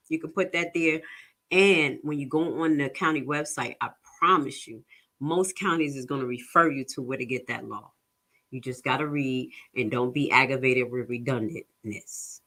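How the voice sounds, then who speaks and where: A woman's voice: sits low, moderate pace, a bit bright. A woman giving a casual, chatty lesson, reading legal text aloud and explaining it in plain talk. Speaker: tax lien investing instructor. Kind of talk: casual teaching webinar.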